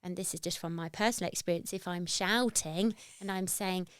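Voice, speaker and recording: A woman co-hosting a parenting podcast, agreeing often and talking in an encouraging, animated way. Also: fairly low pitch, brisk, smooth, no echo, clean studio sound. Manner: warm agreeing, animated when quoting. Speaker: podcast co-host. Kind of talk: casual parenting chat.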